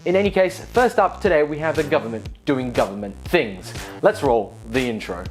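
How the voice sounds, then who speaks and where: A woman's voice: rumbling low, expressive, normal speed, over loud music. Wry woman hosting tech news. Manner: sarcastic, playful asides. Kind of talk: scripted news commentary.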